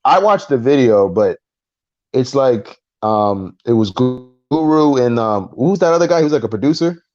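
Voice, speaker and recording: A man co-hosting a casual podcast chat, recounting a story in an animated way and acting out the voices of the people in it. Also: mid-range voice, normal speed, no room sound, highs cut off. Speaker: podcast co-host.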